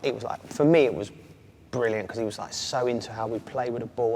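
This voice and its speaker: A man, a former footballer telling animated stories as an interview guest. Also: mid-range voice, fast talker. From England. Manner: animated storyteller, does voices and laughs. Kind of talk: casual chat. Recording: long reverb, faint ambient noise.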